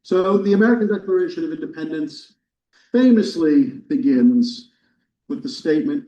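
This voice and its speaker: A man, a history professor, giving a relaxed, wry lecture to a church audience, with casual fillers and restarts. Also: a little high, normal speed. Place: church hall, recorded live. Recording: roomy, distant, dull lecture recording.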